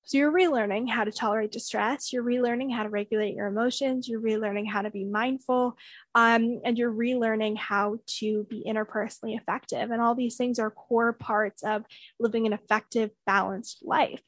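A woman with a fairly high voice speaks earnestly in a relaxed conversational way, filling pauses with frequent "um"s as she explains. The sound is dry and close, with no room around it. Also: no room sound. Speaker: guest sharing therapy experience.

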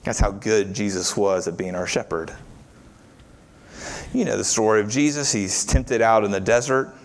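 A man's voice: lowish voice, normal speed. Man preaching with rhetorical questions. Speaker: pastor. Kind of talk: sermon.

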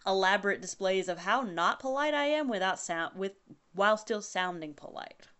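A woman's voice: medium pitch, moderate pace, smooth. A woman in casual conversation who is a pastor, telling stories with lots of laughter. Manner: animated storyteller, laughs often. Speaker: co-host. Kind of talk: casual chat.

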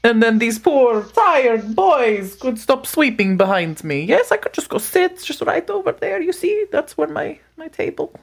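A ravenous, shedding furry heroine, as a woman puts her on for a tabletop game, talks in stiff formal phrases while begging for food. The voice sits high and swoops all over. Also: big pitch swings, a little slow, creaky, few pauses, exaggerated voice. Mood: coaxing.

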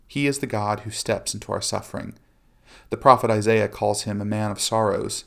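A man giving an earnest, measured scripted devotional reading. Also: lowish voice, creaky. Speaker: Christian speaker.

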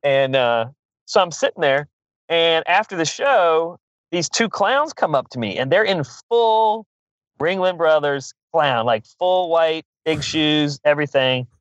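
A man's voice: on the high side, expressive, unhurried, a bit bright, dry recording, highs cut off. A man telling a long funny story in casual chat, swearing freely and laughing often. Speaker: podcast guest.

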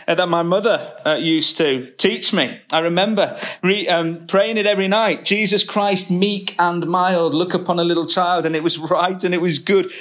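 Slow deliberate preacher guy, kinda high voice, reflective sermon. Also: a bit bright. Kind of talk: sermon with scripture reading.

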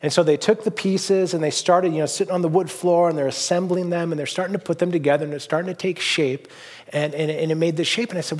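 A middle-aged male pastor with a somewhat high, slightly husky voice delivers a sermon. He talks in a loose, conversational way, telling stories with plenty of "you know"s and restarts. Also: quick pace, a little mellow. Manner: conversational storytelling with many fillers and restarts. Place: church hall.

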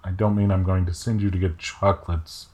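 Low-voiced man as a laid-back game master, lots of fillers. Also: brisk. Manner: relaxed, hesitant with many fillers. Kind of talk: narrating a tabletop game.

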